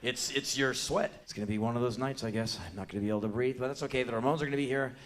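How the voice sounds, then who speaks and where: A man in his forties telling a long comic story live on a theater stage, animated and breaking into loud yelps and acted-out quotes. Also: mid-range voice, very fast. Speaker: spoken word performer. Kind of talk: live spoken word storytelling. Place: large theater stage before a live audience.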